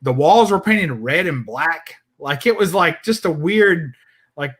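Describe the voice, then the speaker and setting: A man's voice: a little high, lively intonation, a little slow, a bit bright, slightly rough. A man telling a long, rambling story in casual chat, full of fillers, acting out the people in it. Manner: rambling, filler-heavy, acts out quotes. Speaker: podcast host telling a story.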